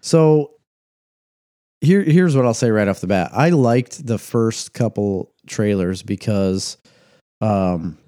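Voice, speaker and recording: A man's voice: on the low side, slow, warm tone, no echo, clean studio sound. An American man in casual banter, rambling and teasing with a laugh. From United States. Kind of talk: casual chat.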